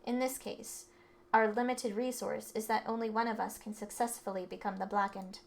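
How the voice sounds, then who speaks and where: A woman reading a calm, analytical teenage girl explaining things in measured tones. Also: mid-range voice, creaky, natural voice. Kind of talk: reading game dialogue aloud.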